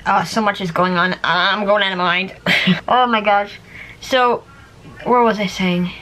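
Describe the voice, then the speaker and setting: A woman's voice: medium pitch, fairly even intonation, measured pace, a bit bright, a little hiss or hum. Chatty, rambling woman vlogger. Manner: chatty and rambling, with frequent fillers and laughs. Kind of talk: casual chat to camera.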